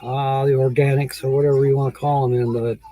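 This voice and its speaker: A man's voice: medium pitch, flat delivery, quick pace, dark tone, slight background noise, rough recording. A man hosting a casual livestream, chatting easygoingly with viewers and rambling with frequent chuckles. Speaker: livestream host. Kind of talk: casual livestream chat reading viewer comments.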